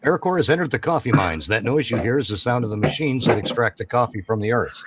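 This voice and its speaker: A man co-hosting a casual live stream, swearing freely as he rants about what annoys him. His voice sits at an ordinary middle pitch, and the audio is dull and lo-fi with steady background noise. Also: quick pace. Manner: profane, ranting. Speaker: co-host.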